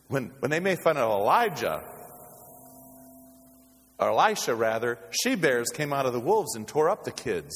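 A man preaching a sermon as pastor, with dynamic delivery that swings from loud exclamations to hushed low tones. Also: very animated, measured pace, long pauses, slightly rough. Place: church sanctuary. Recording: reverberant hall.

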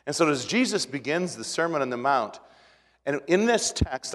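A middle-aged pastor preaching a sermon in a folksy, conversational way, with restarts and rising emphasis. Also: male voice, mid-range voice, fairly bright tone, in a large hall.

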